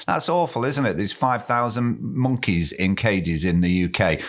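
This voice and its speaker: A podcast host talks alone into the mic in a somewhat low voice. He rants with strong opinions and drops in sarcastic asides. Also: a little slow, hardly any pauses. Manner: opinionated, ranting, with sarcastic asides and put-on accents. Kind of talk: casual solo podcast commentary.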